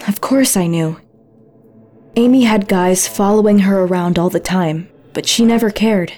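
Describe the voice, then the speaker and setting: A woman narrating a story in first person, gentle and intimate. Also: medium pitch, normal speed.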